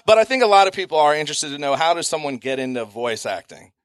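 A man hosting a podcast panel who jokes and pokes fun at himself. His voice sits a bit high for a man. The sound is close and dry. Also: big pitch swings, fast talker, clean tone, no room sound. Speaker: podcast host. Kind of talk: casual panel chat.

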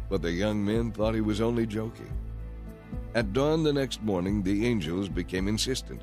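A man giving a steady, measured scripted narration of a Bible story. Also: fairly low pitch, soft background music. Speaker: scripture reader.

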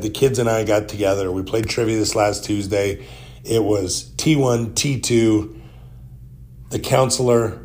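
Deep-ish guy doing a chill solo podcast, wanders off topic, wry little jokes. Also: a little mellow, slight background noise. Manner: rambling, wry and joking. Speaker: podcast host. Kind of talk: casual solo podcast monologue.

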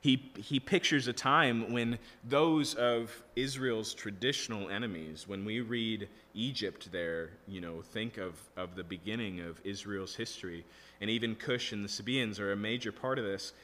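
A man's voice: fairly low pitch, moderate pace, fairly bright tone, a little hiss or hum. A male pastor preaching an expository sermon in an earnest, emphatic teaching manner, checking in often with his listeners. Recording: long reverb of a large hall.

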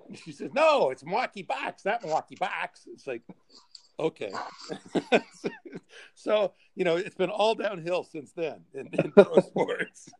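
A man's voice: high voice, slow, no room sound. Chuckling older man telling stories. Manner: chuckling, animated anecdotes. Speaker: podcast guest, sports executive. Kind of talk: storytelling interview.

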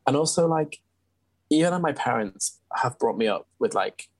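A man's voice: mid-range voice, expressive, moderate pace, no echo, rough recording. A young man, telling a personal story as an interview guest in an earnest, candid way. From England. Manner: earnest, candid, with frequent ums and restarts.

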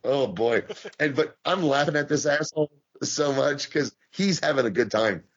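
Gravelly, profane podcast man. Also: fairly high pitch, moderate pace. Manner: profane, rambling, stammers and restarts. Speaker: podcast host. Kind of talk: casual chat. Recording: dull lo-fi audio.

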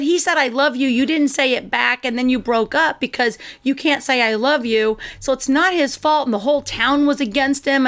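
Animated middle-aged woman telling stories. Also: sits high. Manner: animated storyteller, acts out scenes with exclamations. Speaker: podcast co-host. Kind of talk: casual chat.

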